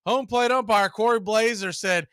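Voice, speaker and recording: A man calling live baseball play-by-play, steady and measured as he calls each pitch and count, with an occasional dry quip. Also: smooth, no echo. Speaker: play-by-play announcer.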